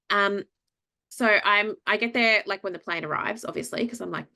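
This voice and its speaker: A woman's voice: medium pitch, normal speed, creaky, pushed and bright. A woman with an Australian accent, co-hosting a podcast and animatedly telling a story in casual chat, acting out the voices of people she quotes. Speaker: podcast co-host.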